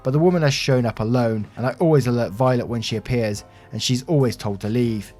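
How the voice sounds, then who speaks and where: A man reading Reddit stories aloud in an expressive, animated narration. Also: medium pitch, fairly quick. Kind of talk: scripted story narration. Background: soft background music.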